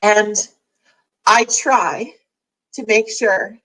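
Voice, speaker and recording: A woman's voice: mid-range voice, drawn-out words, fairly bright tone, rough recording. A woman hosting a daily online community chat, talking candidly and rambling, with frequent laughs. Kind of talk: casual heartfelt livestream chat.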